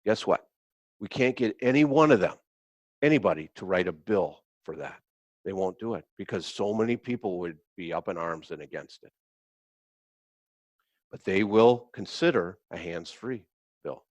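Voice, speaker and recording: Low-pitched male presenter, folksy, joking, heard from far off in an echoing hall. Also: expressive, moderate pace, long pauses, muffled recording. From Wisconsin-Minnesota border. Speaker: safety presenter. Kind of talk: workshop presentation. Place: large room with an audience.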